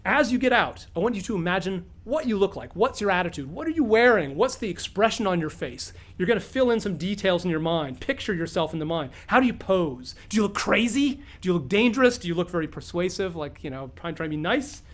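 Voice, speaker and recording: A man's voice: sits high, expressive, a little fast, hardly any pauses. A man with an upbeat, explanatory manner, teaching beginners as game master and narrating the scene to a room of players.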